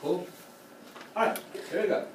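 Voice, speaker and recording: A man's voice: normal speed, music in the background. A man teaching a choral conducting class, explaining patiently and singing short phrases to demonstrate. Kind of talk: classroom instruction. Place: rehearsal room with a choir. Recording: echoey, distant, noisy room recording.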